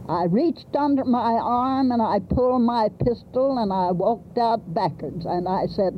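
A slow, unhurried woman recounts her past in plain, homespun speech. Her words come earnest and direct, broken by small pauses. The sound is dull and carries a faint hiss, like an old archival tape. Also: fairly high pitch. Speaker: midwife telling a life story. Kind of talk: plain spoken storytelling.

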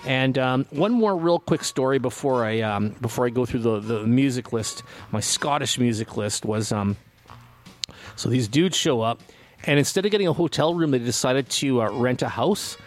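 A man's voice: mid-range voice, lively intonation, moderate pace. A Canadian man hosting a radio show in a casual, rambling chat full of fillers and restarts. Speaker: radio host.

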